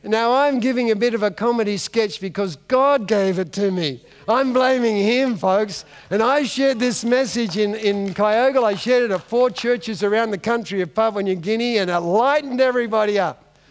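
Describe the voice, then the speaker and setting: A man's voice: high-pitched, moderate pace. A man preaching a sermon, telling a Bible story with comic energy and acting out the characters. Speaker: pastor. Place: large church hall. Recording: long hall reverb.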